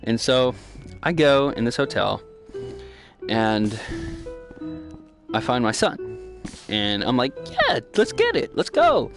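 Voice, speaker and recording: Rambling, swearing man over loud music. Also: slow, vocal fry, pauses often. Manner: rambling, profane, swings into excited high exclamations. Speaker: gaming storyteller. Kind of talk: casual storytime recap. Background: loud background music.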